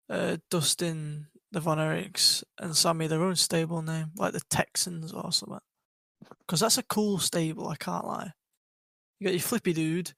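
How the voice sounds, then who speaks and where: A man co-hosting a podcast in casual chat, eager to chime in, his voice hoarse. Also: sits high, fairly bright tone, no echo. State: hoarse, hungover. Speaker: podcast co-host.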